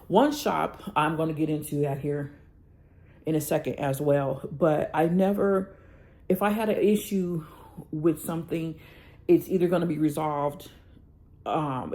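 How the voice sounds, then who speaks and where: This woman's voice sits low, with a dark tone and a slightly slow pace. Angry and blunt, the planner vlogger rants casually about a bad order, calling viewers "y'all" and asking "okay?"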